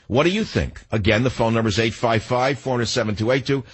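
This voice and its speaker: Indignant older radio host, husky. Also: male voice, medium pitch, quick pace. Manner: indignant, emphatic, combative. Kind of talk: talk radio monologue.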